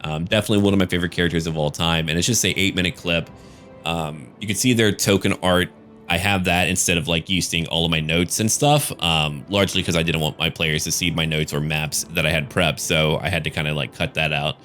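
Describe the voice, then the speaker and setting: A gaming YouTuber and game master talking loosely through a casual channel update, rambling and swearing now and then. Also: male voice, low-pitched, fairly even intonation, a little fast, fairly bright tone, soft background music.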